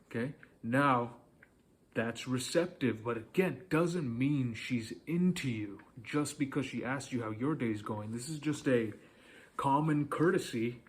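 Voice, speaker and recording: A man's voice: medium pitch, a little slow. Man giving blunt dating advice. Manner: direct, coaching, checks in with "okay?". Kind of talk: casual advice monologue.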